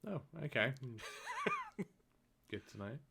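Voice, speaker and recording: A man's voice: mid-range voice, sing-song, slow, vocal fry, heavy background noise. A man co-hosting a casual podcast who often restarts his sentences and fills them with "like". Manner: stammering restarts, frequent "like". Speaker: podcast co-host.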